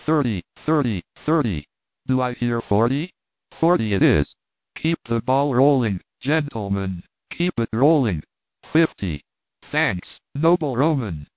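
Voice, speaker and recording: A man reading the part of a jovial auctioneer calling out bids in quick patter. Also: medium pitch, lively intonation, dry recording, close to an everyday voice. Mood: brisk. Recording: dry, tinny phone-like sound.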